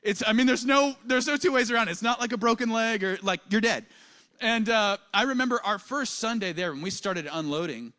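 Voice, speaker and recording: Male pastor, sermon, animated storytelling, high voice, bright tone. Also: brisk. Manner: animated storytelling, dramatic swings of pitch and loudness. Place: church auditorium.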